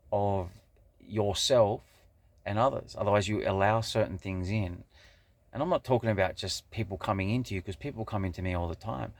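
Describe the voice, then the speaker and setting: A man's voice: on the low side, no echo. A man talking to camera in a loose, rambling monologue, swearing freely and restarting his sentences with lots of fillers. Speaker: vlogger. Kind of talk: casual monologue.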